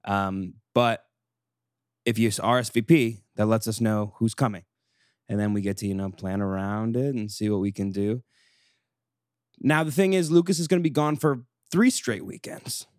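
A young man in his twenties hosting a solo podcast, chatty and self-mocking, running off on animated tangents into a studio microphone. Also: on the low side, normal speed, no room sound. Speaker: podcast co-host.

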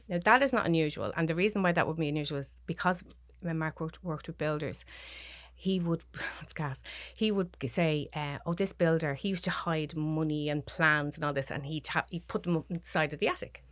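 A middle-aged woman from Dublin with an Irish accent, a podcast guest recounting a personal story in a halting, emotional way. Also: low voice, fairly bright tone, dry recording, studio quality. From Dublin, Ireland.

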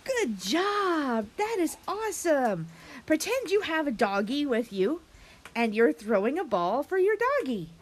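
A woman hosts a children's lesson with a high voice that leaps up and down. She talks slowly and in a sing-song way to the young listeners. There is a faint hiss behind her. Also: big pitch swings. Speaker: children's show host.

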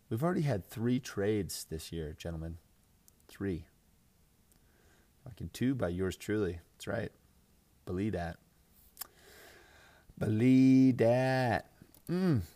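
A young man with a fairly low voice hosts a casual fantasy football podcast. He rants in a crude, mocking way, swearing freely and laughing often. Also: a little mellow. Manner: crude, joking, mocking, frequent laughs and filler "like"; mimics others in exaggerated voices. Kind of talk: casual profane podcast rant.

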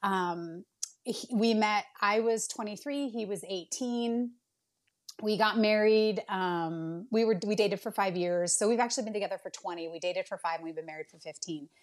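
A woman's voice: mid-range voice, normal speed. A woman in her late thirties, a podcast guest telling a candid personal story in an earnest, emotional way with many fillers and restarts.

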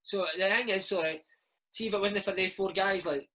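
A Scottish man in his thirties rattles through his stories at a fast clip. His voice sits a bit high and sounds bright and husky. He talks in a chatty, animated way and leans on slang. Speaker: podcast host and former footballer, interviewee. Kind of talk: casual chat.

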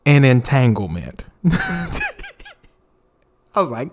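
A man hosts his own podcast alone, talking loosely and profanely about the news. His pitch rises and dips with plenty of swing, and he laughs often and drops into quick impressions of people he talks about. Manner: animated, laughing, profane, mimics celebrities mid-story. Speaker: podcast host. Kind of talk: casual solo podcast chat. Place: home recording space.

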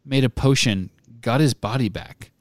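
A man reading aloud and voicing a shaken, injured teenage boy who mutters quietly. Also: medium pitch, normal speed, no room sound, clean studio sound, lightly acted. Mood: dazed. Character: shaken teenage boy hero, hurt and dazed.

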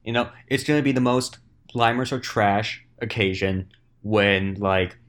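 A man's voice: on the low side, a little slow, a bit bright. A young man co-hosting a podcast, chatting casually with teasing, dry humor. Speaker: podcast co-host. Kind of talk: casual chat.

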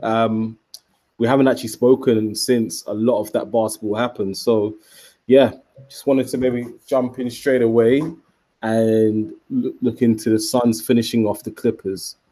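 Laid-back British podcast host. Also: male voice, mid-range voice, level tone, measured pace, mellow. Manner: banter-heavy, laughs often. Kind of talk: casual chat. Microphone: video call.

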